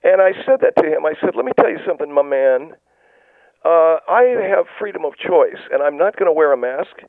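Man voicing a whiny, raspy-high anti-mask caller on a thin phone line; rambling and stammering. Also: animated, brisk, no echo. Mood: indignant. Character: indignant middle-aged male caller who refuses masks.

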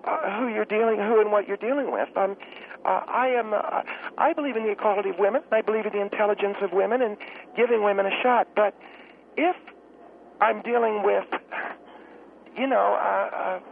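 A man's voice: sits high, steady tone, brisk, creaky, pitched above the performer's own voice. A man voicing a prim, condescending middle-aged woman who runs a clinic, talking hesitantly with many ums and uhs over the phone. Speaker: guest. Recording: tinny phone line with faint hiss.

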